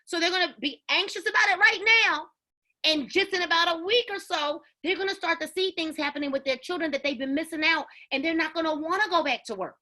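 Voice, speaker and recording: A woman giving an energetic motivational talk on a video call, preaching and calling out to her listeners. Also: very high-pitched, fairly quick. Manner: preachy, exclamatory, call-and-response. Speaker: network marketing leader.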